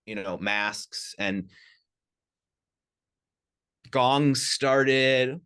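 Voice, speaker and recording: A man telling lively personal anecdotes as a podcast guest, talking casually with lots of "you know" and "like". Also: mid-range voice, very slow, smooth. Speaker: podcast guest, sound healer. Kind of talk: casual storytelling. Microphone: studio podcast mic.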